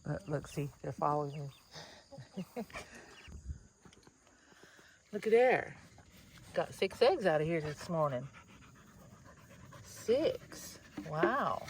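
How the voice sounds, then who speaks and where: Slow-talking woman cooing to farm animals. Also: deep voice, big pitch swings, a little hiss or hum. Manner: chatty, coos and talks to the animals. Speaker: vlogger farm-sitting. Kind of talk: casual vlog chat while doing farm chores. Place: outdoors on a farm among animals. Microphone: camera set down nearby.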